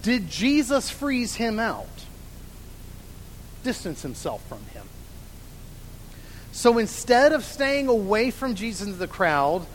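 High-voiced man teaching scripture in a hall. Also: a little hiss or hum. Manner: asks questions and pauses, then answers them himself. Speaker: Bible teacher. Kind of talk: Bible lesson with questions to a class.

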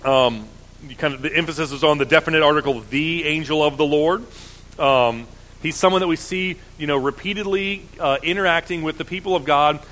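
A man preaching, reading scripture aloud and then explaining it in a casual, halting way with frequent fillers. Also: fairly high pitch, fairly bright tone, rough recording. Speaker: pastor.

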